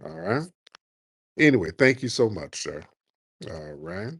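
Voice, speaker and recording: A man's voice: fairly low pitch, very animated, measured pace, fairly bright tone, husky, no echo. Mocking male call-in host. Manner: mocking, taunting, calls callers "sir". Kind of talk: live call-in chat.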